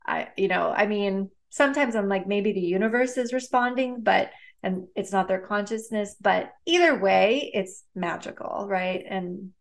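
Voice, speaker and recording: A woman speaking as a guest, telling personal stories in a relaxed, chatty way with many fillers and frequent laughs. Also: medium pitch, normal speed, creaky, few pauses. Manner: chatty, lots of "like" and "um", laughs often. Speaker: guest, neuroscientist and author. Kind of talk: casual storytelling in a conversation.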